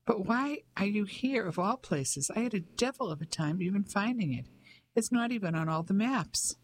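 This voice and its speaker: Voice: medium pitch, expressive, moderate pace, no echo, voice pushed up, lightly acted. An audiobook narrator voicing a young English soldier home on leave, earnest and critical toward his mother. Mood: puzzled. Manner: critical, puzzled.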